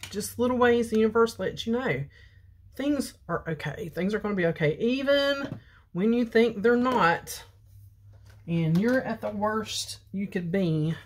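A woman in her 50s chats casually and tells a story during her makeup routine for a beauty vlog. Her voice is mid-range, with a slight hiss or hum in the recording.

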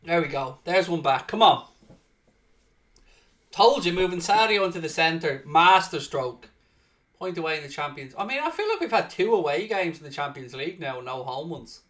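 A man hosting and commentating on his own football video game, excitable and swearing loudly in frustrated outbursts, sounding tired. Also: a little high, normal speed. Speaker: gaming streamer and host. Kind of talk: live gaming commentary.

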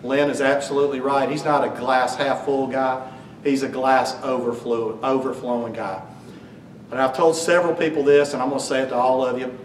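A man's voice: medium pitch, steady tone, a little fast. A middle-aged man giving a eulogy for his father, telling funny stories and joking with the crowd. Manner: warm storytelling, joking with the crowd. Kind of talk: eulogy speech with humorous stories. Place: memorial service hall. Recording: echoey hall from far off, faint hum.

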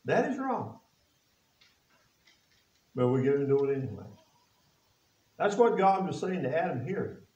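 A man's voice: mid-range voice, animated, normal speed, long pauses, dark tone. A man preaching a sermon as pastor, asking the congregation rhetorical questions, reading scripture aloud in old biblical wording and talking in plain, folksy speech. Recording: echoey, distant and dull-sounding.

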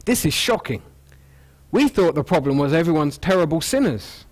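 This pastor from England has a higher voice with big pitch swings and a moderate pace. Using a wireless mic that carries through the church hall's speakers, he gives an expository sermon in a casual way, voicing people's thoughts as if quoting them.

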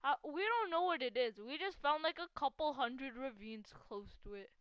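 A woman giving casual live gameplay commentary as a gaming channel host. She is excitable, laughs often and teases a teammate. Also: high-pitched, normal speed, no room sound, muffled recording.

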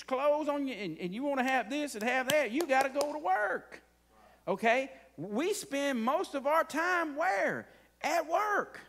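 A man's voice: very high-pitched, fairly bright tone. A man preaching a conversational sermon as pastor, asking the congregation frequent rhetorical questions.

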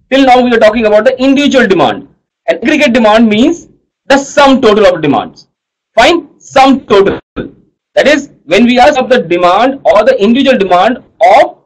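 Man, economics teacher, high voice, coaxing, keeps checking understanding. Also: poor audio. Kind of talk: online class lecture.

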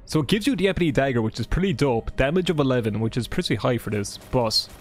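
A man's voice: medium pitch, animated, fast talker. A man streaming a game live, rambling casually, joking and swearing as he chats with viewers. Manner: rambling, chatty, swears and jokes with chat. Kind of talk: casual live gameplay commentary. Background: game music.

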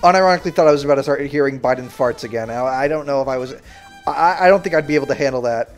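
A young man livestreaming a game, bantering loudly and sarcastically with his chat in mock outrage. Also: mid-range voice, racing, faint music behind. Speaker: streamer. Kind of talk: live gaming stream chatter.

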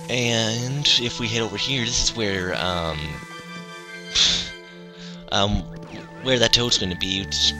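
A man casually narrating his video game playthrough, rambling with fillers and chuckles. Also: on the low side. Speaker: let's play narrator. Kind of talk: casual gameplay commentary. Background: game music.

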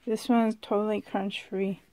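A woman vlogging casually from a dim room at home, chatty and excitable, sometimes dropping to a whisper, filmed on a handheld camera. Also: mid-range voice, normal speed. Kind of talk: casual vlog chat.

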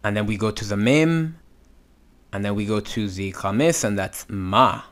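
A man's voice: on the low side, moderate pace, fairly bright tone. A man teaching Hebrew reading, patiently sounding out letters and syllables step by step. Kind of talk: instructional walkthrough.

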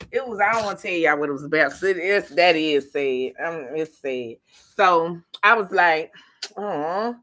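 A woman's voice: medium pitch, bright, forceful tone. A middle-aged woman, chatting casually and laughing often with viewers on a live stream while she is tired.

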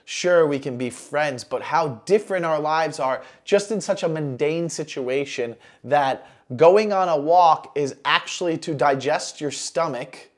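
A man in his forties, a comedian talking casually about how one of his jokes was made, relaxed and conversational. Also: fairly high pitch, a little slow, few pauses. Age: 40s. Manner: relaxed, conversational, with small restarts. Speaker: stand-up comedian. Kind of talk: casual talk explaining a joke.

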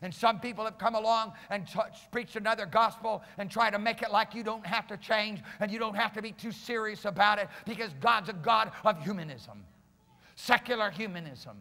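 Male pastor, fiery sermon delivery, bright high voice, long church reverb. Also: a little fast, creaky. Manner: impassioned preaching, builds to shouting. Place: church sanctuary.

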